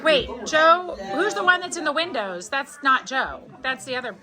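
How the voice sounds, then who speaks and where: A woman with a fairly high voice runs a family history session in a large hall and briskly keeps the talk on track. A crowd of relatives chatters clearly behind her. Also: sing-song. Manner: brisk, keeps things moving. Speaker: host running the gathering. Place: large indoor room at a family gathering. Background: relatives talking.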